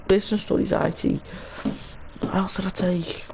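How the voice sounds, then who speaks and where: A man's voice: mid-range voice, lively intonation, a little fast, vocal fry, a little mellow, a little hiss or hum, poor audio. A young man streaming a game, chatting casually and rambling with lots of restarts and fillers. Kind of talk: casual gaming stream chat.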